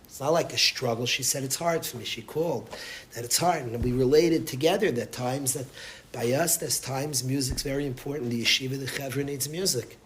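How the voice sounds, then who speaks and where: A man's voice: medium pitch, fairly quick, a little hiss or hum. A man, a rabbi, giving an impassioned lesson to his yeshiva students and repeating phrases for emphasis. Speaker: rabbi teaching a yeshiva class. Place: yeshiva study hall.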